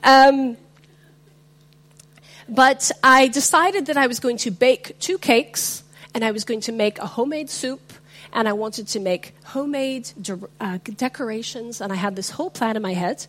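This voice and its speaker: A woman giving a reflective, self-deprecating talk on faith with a personal story, often pausing with fillers. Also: fairly high pitch, a bit bright. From not from the US.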